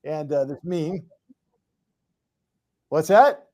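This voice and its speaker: A man's voice: a little high, animated, very slow, a little mellow, dull audio. Easygoing male podcast host. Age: parent of children. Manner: rambling, with many fillers and restarts. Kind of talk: casual chat.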